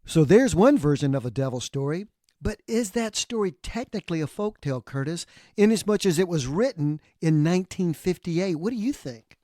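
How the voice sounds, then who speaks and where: Male podcast co-host, dramatic read-aloud narrator, fairly high voice, dry close sound. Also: moderate pace, no echo. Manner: expressive storytelling.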